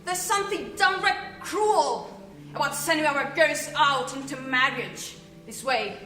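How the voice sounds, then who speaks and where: A woman acting a wistful mother of the bride on stage, halting and repeating herself. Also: high-pitched, a bit bright. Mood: tearful. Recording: echoey stage audio with music.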